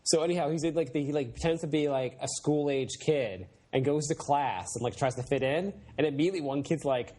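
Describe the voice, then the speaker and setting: A man's voice: on the high side, a little fast, hardly any pauses, warm tone. A man co-hosting a podcast, chatting casually and rambling with lots of fillers. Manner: rambling, many fillers, acts out silly voices when retelling scenes. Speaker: podcast co-host. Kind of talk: casual chat.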